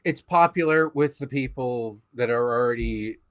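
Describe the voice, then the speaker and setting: A man appearing as a guest commentator, talking in a sarcastic, profane, animated way in casual political chat. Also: medium pitch, normal speed, dry recording, clean studio sound.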